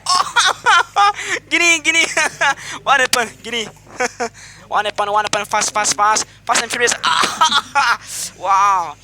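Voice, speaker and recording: A man with a high, bouncing voice teases his friends like a sports announcer at an eating contest, repeating names and laughing between calls. The recording is noisy, with clear background sound under his voice. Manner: teasing, repetitive, laughing often. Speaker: host commentating a mukbang contest. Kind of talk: playful mock sports commentary.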